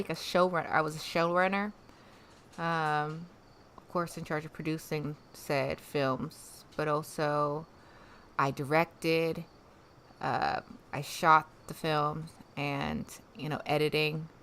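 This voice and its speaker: A woman from the American South with no regional accent hosts a casual livestream and answers viewers' questions. Her voice sits low, and she talks chattily, trailing off into fillers and restarts. Faint crickets chirp in the background. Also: fairly bright tone, slight background noise. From Southern United States. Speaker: livestream host.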